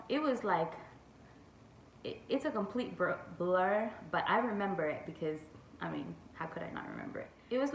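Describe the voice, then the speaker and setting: A woman's voice: mid-range voice, vocal fry, a little hiss or hum. Chatty young woman telling a story. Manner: chatty, says "like" and "y'all" a lot. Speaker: vlogger. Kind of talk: storytime vlog. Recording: echoey room with faint ambience.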